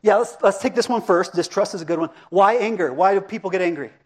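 A middle-aged pastor with a notably high voice preaches in a relaxed, conversational manner, frequently pausing to question the congregation and take up their answers. He moves at a quick pace in this interactive sermon.

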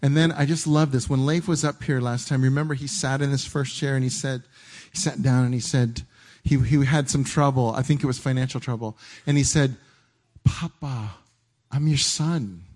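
Speaking a little fast in a medium pitch, a preacher delivers a relaxed, chatty sermon from a church stage. Animated and prone to stumbling restarts and frequent repetition, he plays out his inner dialogue aloud.

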